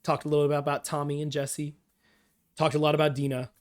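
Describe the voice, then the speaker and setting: A man's voice: fairly high pitch, completely flat delivery, fast talker. A man streaming live, chatting casually and enthusiastically as he recaps and reacts to a TV episode. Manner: enthusiastic, rambling recap with quoted lines. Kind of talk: casual show discussion.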